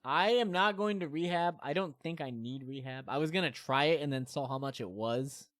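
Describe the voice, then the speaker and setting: A man's voice: on the high side, moderate pace, a bit bright, no echo. A man in his thirties streaming, chatting candidly and rambling with many fillers and self-deprecating asides. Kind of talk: casual chat to stream viewers.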